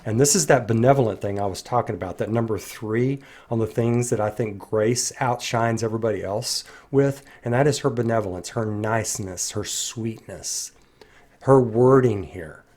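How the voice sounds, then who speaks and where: A man's voice: fairly low pitch, moderate pace, a little mellow. Earnest man musing on song lyrics. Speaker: music commentator. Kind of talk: reflective song commentary.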